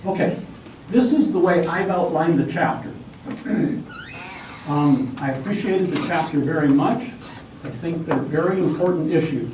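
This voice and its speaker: A man's voice: a little high, normal speed. A man giving a methodical outlined talk with slides at a church class, listing his points one by one. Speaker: guest presenter at a Sabbath school class. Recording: echoey room, far from mic, faint hiss.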